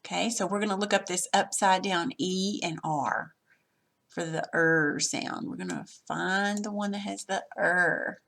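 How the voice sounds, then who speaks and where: A woman's voice: on the low side, steady tone, measured pace, gravelly, a bit bright. A woman teacher patiently walking through a worksheet lesson step by step, recorded over her screen.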